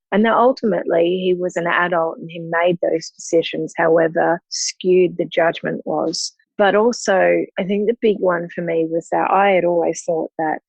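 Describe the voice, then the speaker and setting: A woman's voice: on the low side, creaky, no echo. A woman, a guest speaking openly and reflectively in an interview. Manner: open, reflective, emotional. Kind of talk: candid conversational interview. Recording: dull, dry lo-fi audio.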